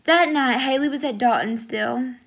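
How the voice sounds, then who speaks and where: A woman reading her own homemade horror story aloud, in a halting, apologetic way. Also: sits high, vocal fry, fairly bright tone.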